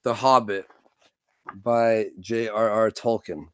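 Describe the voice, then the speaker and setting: A Canadian streamer speaks slowly in a low, clear, resonant voice with no echo. His casual commentary is lively and full of swearing, and he acts out bits with different voices.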